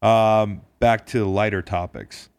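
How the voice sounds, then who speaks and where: A man's voice: lowish voice, steady tone, slow, a little mellow, clean tone, dry recording. A man co-hosting a casual sports podcast, talking in a jokey, profane, rambling way with lots of restarts. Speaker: podcast co-host.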